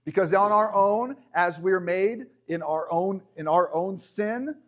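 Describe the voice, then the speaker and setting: His voice sits high as he preaches a chatty, joking sermon in church with plenty of animation. When scripture comes up, he slows down to read it.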